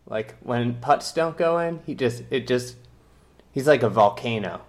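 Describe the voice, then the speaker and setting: Earnest explaining podcast co-host. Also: male voice, mid-range voice, expressive, a little slow. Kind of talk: casual chat.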